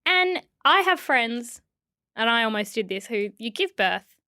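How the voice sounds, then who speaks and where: A woman's voice: on the high side, very animated, a little slow, sharp tone, dry recording, studio quality. A woman co-hosting a podcast, telling stories animatedly with frequent laughter. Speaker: podcast co-host. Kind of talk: casual chat.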